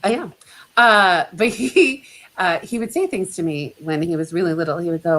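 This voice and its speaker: A woman's voice: fairly low pitch, lively intonation, normal speed, fairly bright tone, poor audio. Chatty middle-aged woman, laughs often. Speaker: guest photographer. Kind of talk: casual chat.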